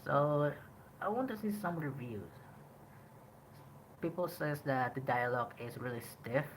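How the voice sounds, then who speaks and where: A young man from Indonesia with an Indonesian accent, talking casually about a game in a rambling way, often pausing on "um" and "like". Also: a little high, slight background noise, poor audio. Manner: rambling, frequent "like" and "um", animated emphasis. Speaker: podcast host. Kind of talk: casual game review talk.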